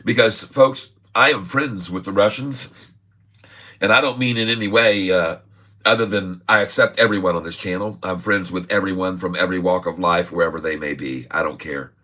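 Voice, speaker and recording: A man's voice: deep voice, normal speed, bright, forceful tone. A middle-aged man hosting a day-trading livestream, talking in a chatty, jokey way, often laughing and repeating himself. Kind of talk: casual livestream chat.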